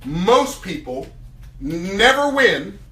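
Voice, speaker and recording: A man gives a motivational seminar talk in a high, lively voice that swoops up and down as he tells his story. His tone is bright and forceful, and he fires rhetorical questions at the room. The sound is roomy, picked up from some distance in a large hall. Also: extremely slow. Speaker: motivational speaker.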